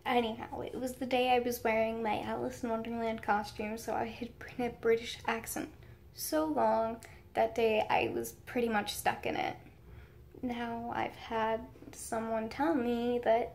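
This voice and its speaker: A young woman chats through a casual storytime vlog, rambling on in a fairly high voice. Her tone stays flat and even, with a gravelly fry running under her words. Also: normal speed, a little hiss or hum. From United States. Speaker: vlogger.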